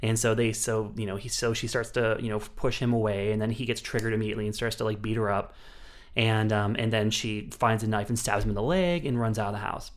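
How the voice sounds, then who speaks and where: A man's voice: on the low side, fairly even intonation, fast. Rambling man recapping a movie. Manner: rambling, lots of fillers and restarts. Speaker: podcast film critic. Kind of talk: casual film recap.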